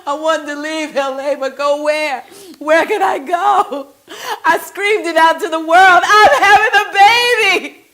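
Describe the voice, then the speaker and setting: A woman delivers a one-woman stage monologue in a high voice. She takes her time over each line, and her emotion swings from near-whispers to full shouts. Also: steady tone, a little slow. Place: theatre stage.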